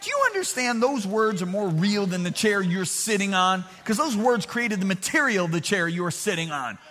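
A male preacher with a high, bright, forceful voice delivers an emphatic sermon. He calls on the congregation to answer him aloud. He swings from shouting to quiet storytelling. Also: big pitch swings, normal speed, long reverb tail.

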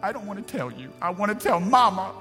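A man's voice: sits high, very animated, fast talker, sharp tone, voice pushed up, heavily acted. A preacher voicing his four-year-old daughter, a bubbly little girl who turns small and ashamed. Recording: reverberant hall, faint music.

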